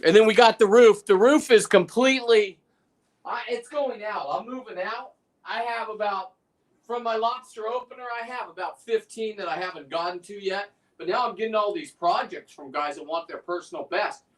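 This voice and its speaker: A man's voice: high voice, normal speed, far from the mic. A man in casual chat, rambling and talking through a demonstration as he works. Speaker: guest on a fishing livestream, lobster preparer. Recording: away from the mic.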